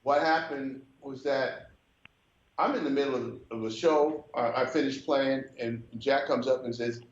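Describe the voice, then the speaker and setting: A man's voice: mid-range voice, unhurried, slight background noise. An older man from Brooklyn, New York, who is a guest telling a story in a conversation and often mimics other people's voices. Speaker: guest musician. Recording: slightly muffled, roomy recording.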